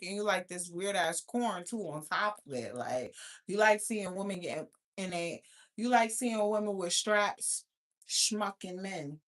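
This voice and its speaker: A woman in her thirties telling a profane, animated storytime rant as a vlogger. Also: mid-range voice, unhurried. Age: 30s.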